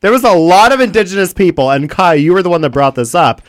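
A man's voice: high-pitched, lively intonation, fast talker, dry recording, studio quality. A man hosting a comedic radio show, talking in a campy, flamboyant, rambling way. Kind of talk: comedic talk radio banter. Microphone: studio microphone.

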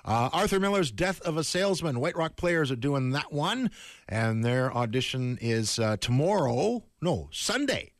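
A man's voice: a little high, very animated, a little slow, dry recording. A man hosting a campus radio show in a studio, talking casually and rambling with plenty of stalling and filler words. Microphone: studio microphone.

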